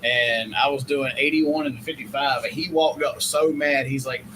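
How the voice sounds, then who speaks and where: A man's voice: medium pitch, normal speed, hardly any pauses, a bit bright, a little hiss or hum, poor audio. A man in a casual podcast chat, telling a story in a dry, wry way.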